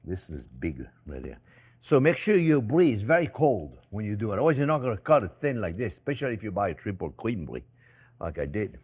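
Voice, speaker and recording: Talkative middle-aged chef guy hosting a cooking show, jokey, bouncy lively voice. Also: fairly low pitch, a little fast, slightly rough. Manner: talkative, jokey, addresses viewers as friends. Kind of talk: chatty cooking demonstration.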